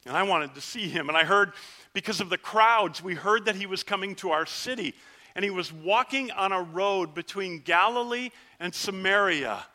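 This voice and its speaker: With a full character voice, high and animated at a moderate pace, a man speaks as a leper who was one of ten. His earnest first-person sermon is vivid storytelling that shouts out the plea, then goes quiet.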